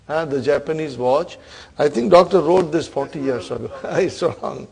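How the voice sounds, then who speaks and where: A man's voice: a little high, moderate pace, gravelly, a little mellow, breathy edge. A man teaching an Arabic grammar class, quizzing students and repeating terms with frequent checks of "huh?". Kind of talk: classroom lesson.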